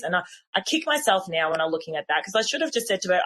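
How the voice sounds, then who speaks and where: A woman's voice: mid-range voice, fast, slight background noise. Candid woman telling a story. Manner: animated, candid and self-deprecating. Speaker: podcast host. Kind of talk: casual personal storytelling.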